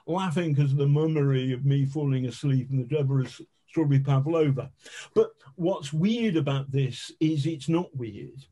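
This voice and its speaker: Husky-voiced man telling vivid anecdotes. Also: mid-range voice, normal speed, mellow. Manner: vivid anecdotes, frank swearing, self-mocking. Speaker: guest, investigative journalist. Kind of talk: conversational storytelling.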